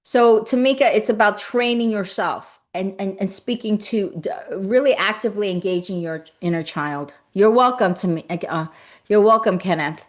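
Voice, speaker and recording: Woman doing a live motivational stream, soft repetitive affirmations, greets chat by name, medium pitch. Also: moderate pace. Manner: greets viewers and reads comments aloud. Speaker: spiritual coach and livestream host.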